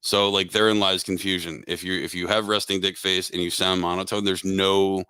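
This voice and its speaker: A man's voice: sits low, flat delivery, moderate pace, bright, forceful tone, clean tone, dry recording, clean studio sound. A man hosting a casual podcast chat, joking in crude banter. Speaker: podcast host.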